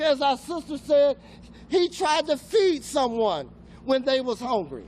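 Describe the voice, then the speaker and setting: A man emcees a community rally, speaking in an emphatic, preacherly way. His voice is pitched very high for a man. Faint background noise sits under the recording. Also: big pitch swings, a little slow. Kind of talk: public rally speech.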